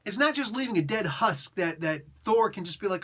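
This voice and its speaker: A man reviewing a comic in a casual, slangy way. He laughs often as he retells the story, with a bright, slightly high voice. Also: animated, fairly quick, hardly any pauses.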